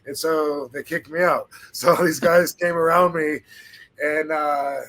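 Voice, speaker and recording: A man's voice: fairly high pitch, fairly even intonation, unhurried, fairly bright tone. A man hosting a podcast, telling a story in a laid-back, casual way, swearing freely and laughing now and then. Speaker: podcast host.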